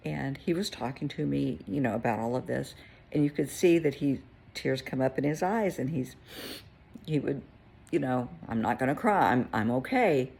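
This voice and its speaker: Gravelly-voiced woman therapist telling a story. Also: extremely low pitch, normal speed, warm tone. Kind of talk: casual storytelling to camera.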